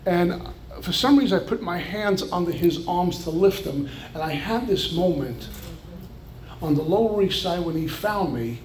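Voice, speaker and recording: A man's voice: sits high, animated, normal speed, a little mellow, slight background noise. A man from New York with a New York accent, giving an earnest personal recovery testimony with flashes of wry humor. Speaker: recovery speaker.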